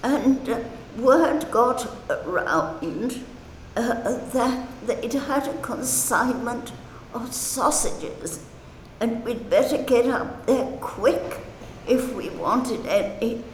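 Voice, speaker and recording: Brief: older woman, retired nurse, slow gentle storyteller, roomy recording. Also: a little high, expressive, a little hiss or hum. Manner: gentle, reminiscent, slow with fillers and soft laughs. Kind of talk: personal storytelling. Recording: roomy echo with faint ambience.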